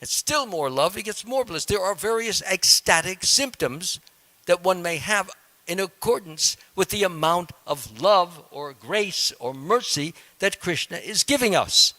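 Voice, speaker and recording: A man's voice: high-pitched, expressive, a little slow, pushed and bright. A man, a swami, giving a devotional scripture class in a temple hall, explaining step by step in a conversational way and putting questions to his listeners.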